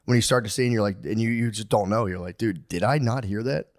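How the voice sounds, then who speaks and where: A man co-hosting a comedy podcast in casual chat, rambling and acting out quotes, sometimes jumping into a shrill voice. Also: fast. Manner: rambling, acts out quotes with sudden high-pitched outbursts. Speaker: podcast co-host.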